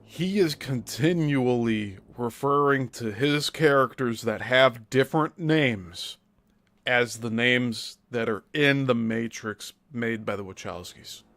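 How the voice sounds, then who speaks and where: A man's voice: mid-range voice, slow pace, fairly bright tone. A man hosting a show, giving critical, explanatory commentary on a script. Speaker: host.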